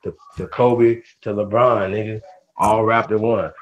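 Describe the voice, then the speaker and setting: Very deep-voiced man hosting a livestream. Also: steady tone, unhurried. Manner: greets viewers by name, slangy and upbeat. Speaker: livestream host. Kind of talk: casual livestream chat. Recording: dull lo-fi stream audio with faint noise.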